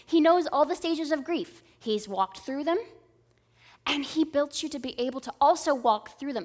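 A woman in her thirties delivers a sermon with a slightly high voice. She preaches in an earnest, conversational way and keeps checking in with the listeners. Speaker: speaker at a church service.

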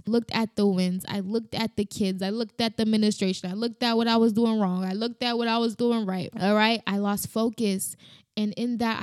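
A woman's voice: a little high, darkish tone, no room sound. A woman giving an earnest devotional sermon, sharing personal testimony with heavy repetition. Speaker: preacher.

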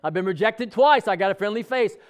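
A man preaching a sermon, telling a story with animated excitement and acting out quoted dialogue. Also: sits high, a little fast. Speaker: pastor.

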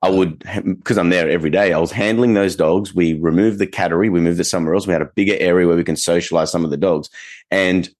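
A podcast host talks in a relaxed, meandering way. His voice sits low and deep. He strings his stories together with lots of fillers. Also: fast. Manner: rambling storyteller, many fillers. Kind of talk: casual conversation.

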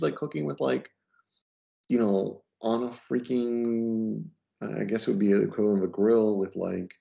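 On dull lo-fi audio, a podcast guest who works as a comic book letterer talks in a gravelly, dark, medium-pitched voice. His casual chat rambles, packed with fillers and restarts.

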